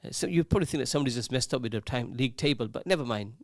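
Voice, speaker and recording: Bloke hosting a radio show, chatty and teasing, dry close studio mic. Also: male voice, medium pitch, animated, very fast, dry recording. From England. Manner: chatty and teasing, reads listener messages. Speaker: radio presenter. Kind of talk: casual radio chat. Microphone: studio microphone.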